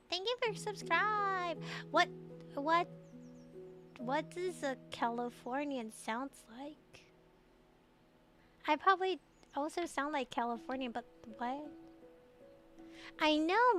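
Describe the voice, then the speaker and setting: A woman's voice: high-pitched, takes it slowly, pauses often, a bit bright, soft background music. A woman from Taiwan, a native Mandarin speaker, chatting casually late at night on her stream, laughing often and answering chat messages.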